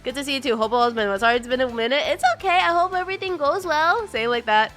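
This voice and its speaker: A woman streaming live, chatting casually with her viewers, bubbly and chatty, greeting them in a high sing-song and often laughing. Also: fast, a bit bright, faint music behind.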